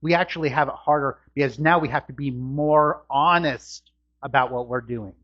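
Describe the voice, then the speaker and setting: A man's voice: mid-range voice, normal speed. A man preaching a sermon as a pastor, earnest, his voice climbing on rhetorical questions. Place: church sanctuary. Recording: dull lo-fi church recording.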